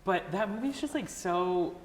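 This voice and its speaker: A man's voice: sits high, expressive, normal speed. A chatty young-sounding man trades casual talk as co-host, peppering his sentences with "like". His voice rings with a long echo, and a faint hiss sits under the room. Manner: chatty, says "like" a lot. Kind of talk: casual chat. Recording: echoey room with faint noise.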